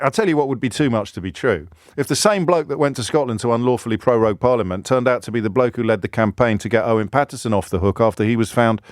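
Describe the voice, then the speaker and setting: A man's voice: on the low side, no room sound. Man, British accent, radio host, sarcastic monologue, mocking repetition, dry close studio sound. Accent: British English. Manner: mocking, repetitive, rising incredulous emphasis. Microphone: studio microphone.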